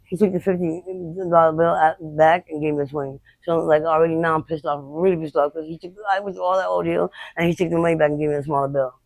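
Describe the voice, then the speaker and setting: A woman interviewed outdoors on the street, recounting her experiences in a blunt, unfiltered way with halting restarts. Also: sits low, fairly even intonation, a little mellow, no room sound, poor audio. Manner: rapid, halting retelling. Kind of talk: candid personal storytelling.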